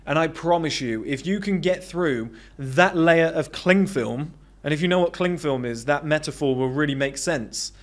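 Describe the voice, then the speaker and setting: With a voice on the high side, a little above the usual male range, a British man speaks at a moderate pace as a self-improvement coach. His off-the-cuff motivational monologue is blunt and emphatic, and he swears freely.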